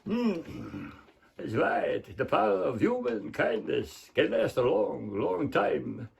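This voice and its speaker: A man's voice: on the high side, very animated, drawn-out words, gravelly, warm tone, breathy edge, full character voice. A man doing an impression of Count Dracula as a stately old vampire, drawing out his words. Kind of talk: open mic impression, recited poem.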